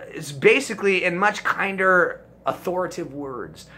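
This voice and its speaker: A man telling a personal story in a crude, animated way, swearing freely. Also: medium pitch, moderate pace. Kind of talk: profane comic storytelling.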